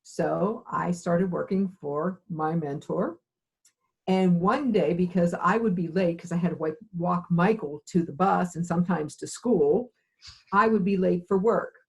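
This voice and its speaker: Middle-aged woman, low and husky, animated storyteller being interviewed. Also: measured pace, low-quality recording. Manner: animated storyteller acting out dialogue. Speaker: occupational therapy program director.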